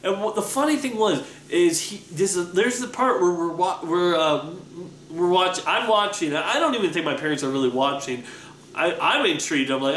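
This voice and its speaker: Young man chatting excitedly in an echoey room. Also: moderate pace, a little hiss or hum. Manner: animated storytelling, excited rising pitch, many restarts. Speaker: vlogger answering viewer questions. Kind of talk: casual chat. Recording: echoey room with faint ambience.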